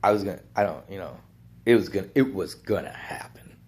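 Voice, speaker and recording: A man's voice: sits low, expressive, brisk, a little mellow, husky. A man telling a rambling biker story in casual talk, swearing often and laughing between lines.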